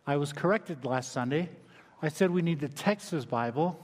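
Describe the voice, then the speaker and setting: A male pastor preaching a sermon in a relaxed, conversational way, dropping his voice low for emphasis. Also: fairly quick, in a large hall. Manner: conversational, dynamic preaching with quiet emphatic drops. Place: church sanctuary.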